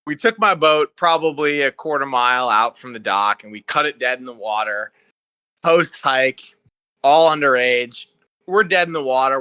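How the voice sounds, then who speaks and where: A young man telling a story on a casual podcast, animated and wry, with laughs as he goes. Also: mid-range voice, dry recording. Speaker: podcast co-host.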